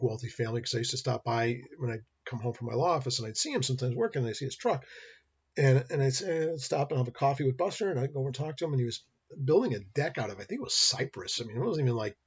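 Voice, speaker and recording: A man's voice: medium pitch, animated, fast, breathy edge, muffled recording. A middle-aged man, teaching college business law in a recorded lecture and telling folksy stories. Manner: folksy storyteller, acts out dialogue. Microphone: built-in computer or webcam mic.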